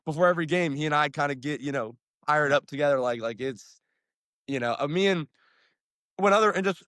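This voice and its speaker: A young man, a high school football coach, talks in a casual interview, upbeat and rambling, with lots of fillers and restarts. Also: a little fast, a bit bright, no echo, studio quality.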